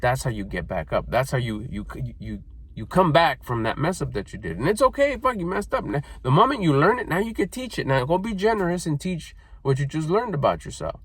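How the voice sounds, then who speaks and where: A man's voice: a little high, big pitch swings, a little fast, slightly rough, dry recording. A middle-aged man giving a blunt, profane motivational talk, scolding listeners and mocking their excuses in whiny put-on voices. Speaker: motivational speaker.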